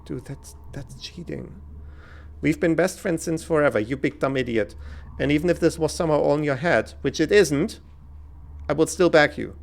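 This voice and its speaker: A man voicing a young male fox in a video game, an excitable, loyal best friend, reading the lines aloud in an earnest, pleading way. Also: a little high, fairly quick, vocal fry, voice pushed up.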